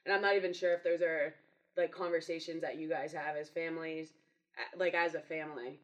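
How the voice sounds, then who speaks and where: A podcast host asks long, winding questions, hesitating often with "um" and "you know". The voice sits at a middling pitch, neither clearly high nor low. The delivery is a casual interview style. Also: steady tone, a little fast, a bit bright, rough recording.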